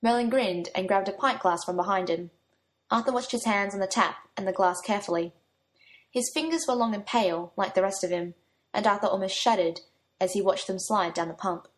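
A woman's voice: medium pitch, fairly quick. A woman reading a story aloud, giving her own light touch to the young men's lines. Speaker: narrator.

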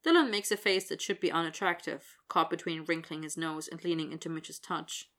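A woman reading fiction aloud in an even, expressive storytelling style. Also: deep voice, fairly quick. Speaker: narrator.

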